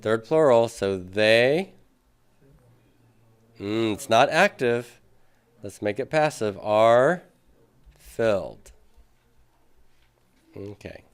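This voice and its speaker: A man's voice: medium pitch, clear, resonant tone. A man teaching a Greek grammar class, patiently working through examples at the board and asking his students questions. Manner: patient, thinks aloud with many fillers, asks students questions. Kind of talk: classroom lecture.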